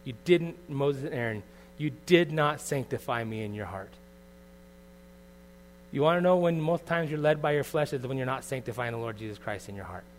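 A middle-aged man preaching a sermon as pastor, earnest and confessional, moving from quiet reflection to loud bursts. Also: medium pitch, expressive, normal speed, a little hiss or hum.

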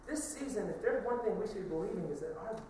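A middle-aged pastor preaches a conversational sermon packed with questions and asides, his high, mellow voice moving quickly with lively intonation. He's recorded from a distance in an echoey church hall, with slight background noise.

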